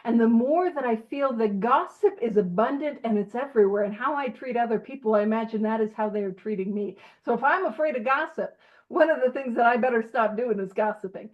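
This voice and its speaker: A woman's voice: a little high, fairly quick. A woman leading a recovery book study group, teaching in a casual, playful way and laughing often. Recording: dull lo-fi audio.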